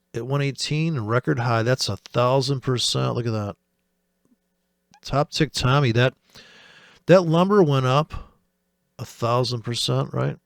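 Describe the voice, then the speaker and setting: An American man with a medium-pitched voice and vocal fry hosts a trading channel, rambling through profane, sarcastic market commentary. The recording is studio quality with no echo.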